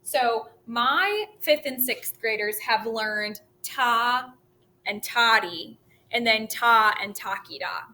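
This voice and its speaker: A woman music teacher giving a virtual lesson to children, talking slowly and clearly and chanting rhythms for them to repeat. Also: a little high, pushed and bright.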